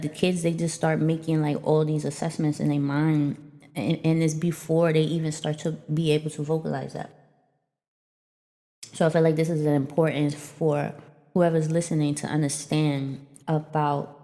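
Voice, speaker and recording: A spiritual reader gives a casual oracle reading to her viewers, chatty and rambling and calling them y'all. Her voice sits low with a warm tone, and the sound is that of a big room.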